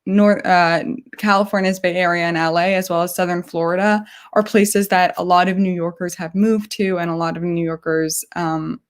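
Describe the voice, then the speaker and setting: Woman from New York, lowish voice, chatty live online presenter. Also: fairly even intonation. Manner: chatty, explanatory, with frequent pauses. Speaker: guest presenter.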